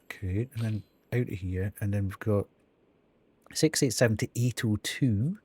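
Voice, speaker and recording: A man's voice: lowish voice, moderate pace, a little mellow, slight background noise. A man streaming a video game live, thinking aloud as he counts and reads out menu options. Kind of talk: casual live gameplay commentary.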